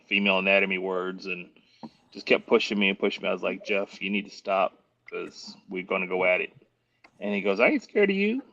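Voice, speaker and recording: A male guest on a casual chat stream telling animated stories and acting out the voices of other people. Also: sits low. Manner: animated, acts out quoted voices. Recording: dull lo-fi with faint hiss.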